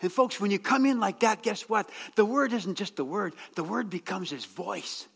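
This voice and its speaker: A middle-aged man preaching a sermon, chatty and joking, then rising to a shout as he urges people on. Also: sits high, normal speed, vocal fry, breathy edge. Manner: conversational preaching that swings to shouted exhortation. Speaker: pastor. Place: church hall. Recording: long church-hall reverb.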